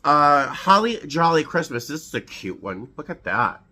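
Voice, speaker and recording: A man's voice: a little high, big pitch swings, moderate pace, bright, forceful tone. A man chatting sentimentally on his video channel, tearful as he opens holiday cards and shares memories, with many fillers and restarts. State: teary. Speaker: vlogger. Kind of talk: emotional casual chat, reading holiday cards.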